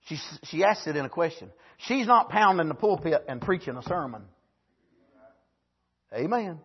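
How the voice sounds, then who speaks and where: A man preaching a fervent sermon, swinging between loud shouted lines and low asides, with frequent amens. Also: sing-song, moderate pace, pauses often, breathy edge, dull audio.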